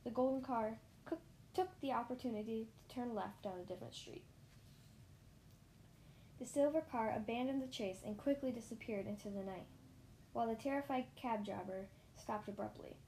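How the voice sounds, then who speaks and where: A woman reads a children's story aloud in a lively first-person telling. Her voice sits a little high. She now and then stumbles on a word and starts it again. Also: normal speed, slight background noise. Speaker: narrator.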